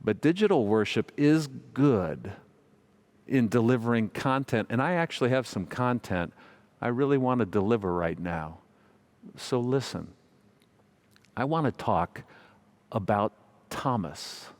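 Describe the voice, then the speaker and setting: A man's voice: mid-range voice, animated, measured pace, pauses often, darkish tone. A male pastor giving a sermon, telling a funny story in a conversational, self-deprecating way.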